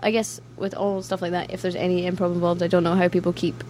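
A woman's voice: on the low side, little pitch movement, fast, a little mellow. Young scottish woman gabbing in an interview, laughs a lot, does little voices, faint hiss behind. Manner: chatty, laughs often, acts out quoted voices. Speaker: band member guest. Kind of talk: casual interview chat.

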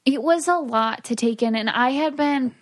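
A woman's voice: sits high, moderate pace. A woman co-hosting a casual chat, telling stories in a chatty way full of "like". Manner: chatty, storytelling with many "like"s. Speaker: co-host.

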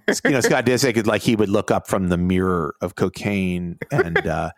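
A man's voice: deep voice, moderate pace, few pauses, no room sound. A man co-hosting a casual podcast chat, rambling and sarcastic, dropping mocking impressions into his talk. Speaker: editor and co-host.

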